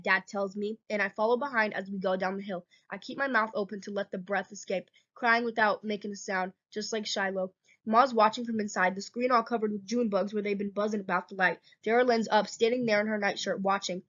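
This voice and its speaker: A woman hosting and reading a children's book aloud in steady storybook narration, on a dull lo-fi recording. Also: medium pitch, brisk. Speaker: host.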